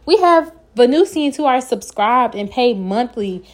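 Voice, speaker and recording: A woman's voice: fairly high pitch, expressive, measured pace. A woman hosting her own podcast, giving an earnest, encouraging self-help talk and sometimes stumbling over her words. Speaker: podcast host.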